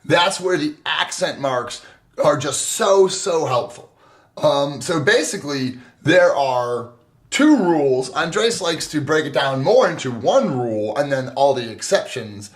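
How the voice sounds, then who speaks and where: A man's voice: a little high, animated, a little slow. Upbeat man co-hosting a language podcast. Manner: enthusiastic, with lots of fillers and self-corrections. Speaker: podcast co-host. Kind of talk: casual explanatory chat.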